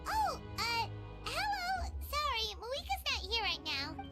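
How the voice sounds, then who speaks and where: A woman voicing a tiny, excitable floating fairy companion in a game, bubbly and eager. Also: very high-pitched, slow, exaggerated voice. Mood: amused. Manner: bubbly, eager, food-loving. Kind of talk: game voice acting. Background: game music.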